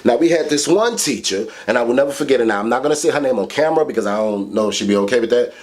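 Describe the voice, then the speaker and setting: A man telling a childhood story to camera in a casual, animated way, swearing heavily. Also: racing. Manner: animated, profane, heavy swearing; big swings in pitch for emphasis. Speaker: vlogger.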